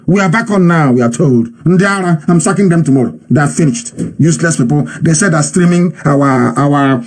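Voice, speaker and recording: A man's voice: fairly high pitch, slightly rough. A man with a Nigerian accent giving an impassioned live radio broadcast, mocking and repeating himself for emphasis.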